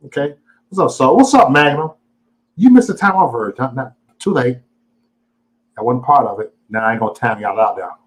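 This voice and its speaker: A man's voice: medium pitch, animated, normal speed, rough recording. A man hosting a casual live stream, greeting viewers and ranting at them in a profane, taunting, boastful way. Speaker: livestream host.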